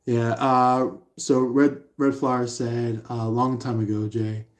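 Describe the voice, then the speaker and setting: A man's voice: mid-range voice, level tone, a little slow, reverberant. A man giving a live-streamed tarot reading in a rambling way, with many fillers, acting out the people he describes in raised voices. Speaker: tarot reader.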